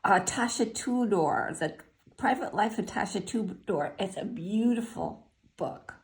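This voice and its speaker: An older woman talking casually, listing her favorite books in an unhurried way with fillers and short asides. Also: mid-range voice, expressive. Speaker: vlogger sharing favorite books. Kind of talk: casual spoken list.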